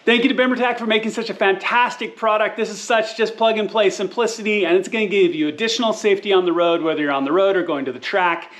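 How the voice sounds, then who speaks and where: A man's voice: high-pitched, a bit bright. A man hosting a casual, upbeat how-to video on car work, recorded from inside a car's back seat. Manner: upbeat, friendly, says "y'all" often. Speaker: car DIY video host.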